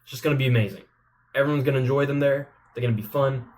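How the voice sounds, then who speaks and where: A man's voice: medium pitch, steady tone, very fast, a little mellow. A man giving rambling, profane, joking commentary as a channel host. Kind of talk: casual comedic commentary.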